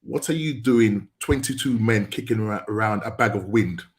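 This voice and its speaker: A man's voice: lowish voice, normal speed, natural voice. A man putting on a scolding old Jamaican dad. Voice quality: raised, scolding. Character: exasperated elderly Jamaican father.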